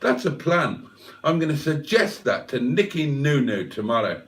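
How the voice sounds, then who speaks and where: A man's voice: medium pitch, sing-song, moderate pace, fairly bright tone, recorded from a distance. A man hosting a livestream, telling a wry, rambling story with self-mocking asides. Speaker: livestream host. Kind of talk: casual livestream chat.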